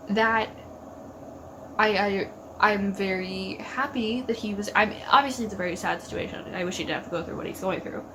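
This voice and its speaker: A woman hosting a YouTube TV reaction channel talks solo in a casual, rambling way, full of fillers, laughs, and exasperated asides that show her frustration. Her voice is mid-range, and there's background noise.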